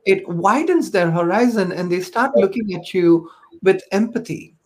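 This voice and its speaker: A woman with a mid-range voice speaks at a moderate pace as a podcast guest. She shares personal stories in conversation, earnest and reflective, often saying "um" and "you know."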